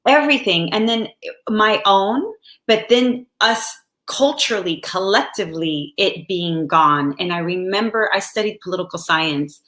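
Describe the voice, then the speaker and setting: Woman, reflective storyteller, slow, halting, bright tone, roomy echo. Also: medium pitch. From United States. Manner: slow, soft-spoken and halting. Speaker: guest. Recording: echoey room.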